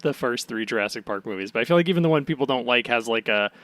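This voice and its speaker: A man co-hosting a podcast, pitching goofy what-if ideas in a loose, rambling way. His voice sits in a middle pitch, recorded dry and close. The chat stays light and playful throughout. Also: lively intonation, fast, a bit bright, no room sound. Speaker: podcast co-host. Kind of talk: casual chat.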